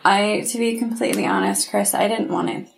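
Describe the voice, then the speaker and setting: A woman's voice: mid-range voice, steady tone, fairly quick, creaky, rough recording. A middle-aged woman, a podcast guest, telling a painful personal story in an earnest, heartfelt way. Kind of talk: candid interview storytelling.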